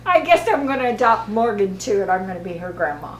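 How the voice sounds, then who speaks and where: A woman's voice: medium pitch, sing-song, a little fast. An older woman, the groom's grandmother, speaking in a sweet, homespun way in a casual interview. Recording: echoey room with noise.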